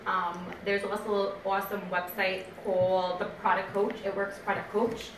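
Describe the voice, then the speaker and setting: A woman's voice: medium pitch, flat delivery, normal speed. Chatty upbeat woman in an echoey room. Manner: chatty and upbeat, laughs often, acts out store chats. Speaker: team trainer. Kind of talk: casual training talk to a small group. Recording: echoey room from a distance, faint background noise.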